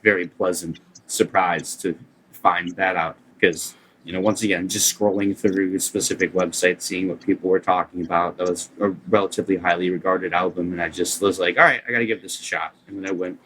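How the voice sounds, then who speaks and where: A man's voice: low-pitched, flat delivery, fairly quick, a bit bright, slightly rough, poor audio. A male podcast host with vocal nodules, chatting about music with a rambling, enthusiastic manner and many fillers. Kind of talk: casual music chat.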